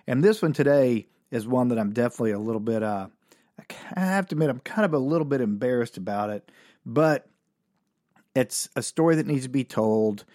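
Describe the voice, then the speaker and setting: A man's voice: mid-range voice, darkish tone, no echo, clean studio sound. A middle-aged man, hosting a podcast and telling a comic story in a rambling, self-mocking way, chuckling often and swearing casually.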